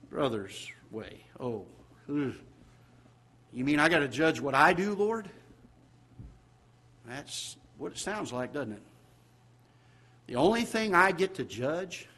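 A man pastor with a Southern American accent, preaching a sermon in a church auditorium, asking the congregation questions and swinging from loud exclamations to quiet asides. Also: medium pitch, slightly rough.

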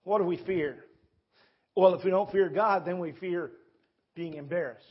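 In a church sanctuary, a pastor preaches a sermon, telling a Bible story in a folksy, storytelling way and voicing quoted characters. His high-pitched voice has a breathy edge and a normal pace. The highs are cut off in the audio.

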